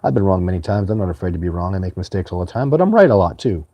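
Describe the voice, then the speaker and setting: A man's voice: deep voice, expressive, very fast, no echo, highs cut off. A man hosting a live stream, answering viewer questions in a casual, earnest and rambling way. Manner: earnest, rambling, many restarts.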